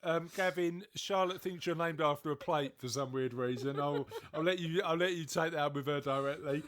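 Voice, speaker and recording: A man with a slightly raised pitch chats away as a podcast co-host. He rambles loosely, dotting his talk with ums and quick laughs. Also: fairly bright tone. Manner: chatty, rambling with fillers and laughs. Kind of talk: casual chat.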